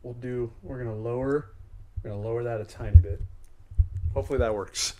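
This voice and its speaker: A man's voice: mid-range voice, fairly even intonation, a little fast, noisy background. A man hosting a casual podcast, asking the guest questions and laughing easily. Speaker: podcast host. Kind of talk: casual chat.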